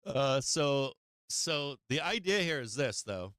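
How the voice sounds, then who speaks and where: A man's voice: mid-range voice, very animated, slow pace, fairly bright tone, smooth, no room sound. A man hosting a live stream, telling a casual anecdote in a rambling way, full of fillers, swearing and laughs. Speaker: host of a stock market live stream.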